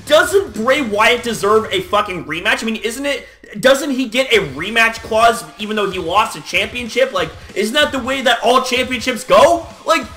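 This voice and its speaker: High-pitched excitable man ranting, echoey room. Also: moderate pace, few pauses. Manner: excitable, swears a lot, laughs in disbelief. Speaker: wrestling recap vlogger. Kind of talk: casual recap rant.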